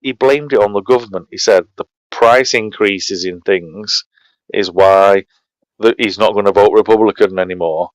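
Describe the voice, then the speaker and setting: A man's voice: lowish voice, moderate pace, no echo, poor audio. A man on a stream panel, gossiping in casual chat and repeating himself to get a word in.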